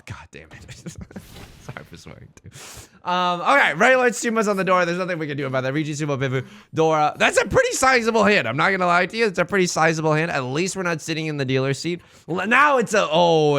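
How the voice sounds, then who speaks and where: A man commentating his own game session with a bouncy, widely swinging pitch. He talks in loose, joking banter to his viewers, drifting off on tangents. Soft game music plays quietly behind him. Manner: animated, joking rambling banter addressed to "folks". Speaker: let's play host. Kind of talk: gameplay commentary.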